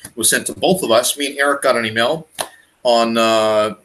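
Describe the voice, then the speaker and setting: Mid-pitched male host, playful and joking. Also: fairly even intonation, moderate pace, fairly bright tone, slight background noise, poor audio. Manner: joking, teasing banter. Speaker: podcast host. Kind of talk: casual chat.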